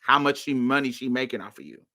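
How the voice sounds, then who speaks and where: A woman with a bass voice talks fast and sharply as she hosts her podcast. She tells a personal story in a casual, blunt, profane way that flares into heated outbursts.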